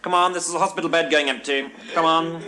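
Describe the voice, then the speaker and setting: Guy doing rapid auctioneer patter, fairly high voice, heavy hiss on an old album track. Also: steady tone. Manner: brisk auctioneer's patter, rattling off bids. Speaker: auctioneer in a comedy sketch. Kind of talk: studio comedy sketch before a live audience. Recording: noisy old album recording with audience laughter.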